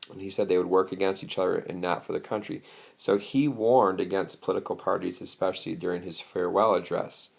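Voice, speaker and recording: A man's voice: deep voice, steady tone, a little fast, vocal fry, husky. A man teaching a history lesson in a casual, chatty way, explaining slides with frequent asides. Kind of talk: recorded lecture over slides.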